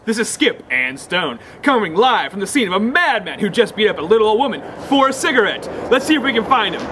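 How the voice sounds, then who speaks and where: A man's voice: sits high, big pitch swings, fairly quick, few pauses, background noise. A young man playing a news reporter in an amateur comedy sketch, flustered and restarting lines.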